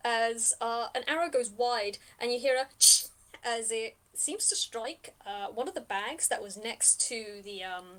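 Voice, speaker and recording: Lady gm, fairly high voice, chatty, thinks out loud, lots of ums. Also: huge pitch swings, slow. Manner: chatty, thinks aloud, many fillers. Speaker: game master. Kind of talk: narrating a tabletop game.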